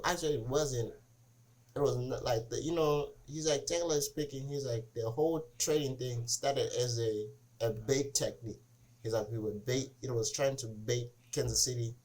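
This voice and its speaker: A man hosting a casual sports podcast who tells stories with lots of "he's like" and acts out the quotes. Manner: animated storyteller, acts out quotes with rising pitch. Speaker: podcast host.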